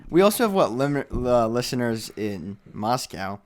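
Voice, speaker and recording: A young man hosting a podcast, chatting casually and joking around in quick banter. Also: medium pitch, very animated, a little mellow. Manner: joking, rapid banter with frequent laughter. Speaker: podcast host. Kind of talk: casual chat.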